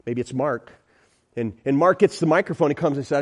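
A man's voice: mid-range voice, expressive, quick pace, slightly rough. A man preaching a sermon as pastor in a church, emphatic, repeating phrases and calling out to the congregation.

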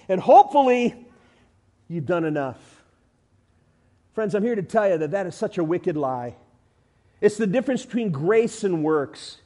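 A man delivers a sermon with emphatic force, shifting between loud proclamations and quiet, hushed lines while weaving in humor and everyday examples. His voice sits high.

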